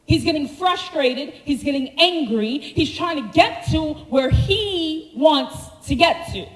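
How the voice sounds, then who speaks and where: A woman preaching a sermon, telling the story with animated slangy asides to the congregation. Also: sits high, unhurried, echoey room, long reverb tail, low-quality recording. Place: church sanctuary.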